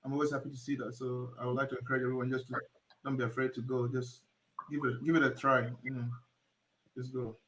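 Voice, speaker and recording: A man's voice: mid-range voice, level tone, quick pace, background noise. A man speaking as a guest on a live chat, earnest and encouraging, repeating himself as he talks. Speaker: guest on a livestream. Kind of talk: casual encouragement.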